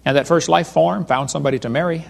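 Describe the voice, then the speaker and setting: A man gives a humorous creation seminar lecture to a live audience, spinning folksy stories and wisecracking jokes. His gravelly voice is a little high and fast, and the recording carries long hall reverb.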